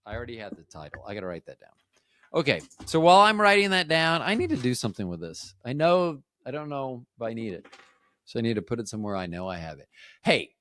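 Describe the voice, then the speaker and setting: Guy rambling on his podcast, cracking jokes at himself, pitch all over, dead dry sound. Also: big pitch swings, quick pace, sharp tone, no echo. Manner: joking, self-deprecating, trails off and restarts. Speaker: podcast host. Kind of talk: rambling solo podcast chat.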